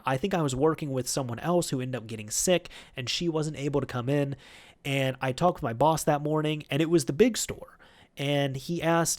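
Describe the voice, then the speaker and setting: A man's voice: fairly high pitch, darkish tone. A man hosting a vlog, telling a work story in a chatty, rambling way with many fillers. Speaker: YouTube host.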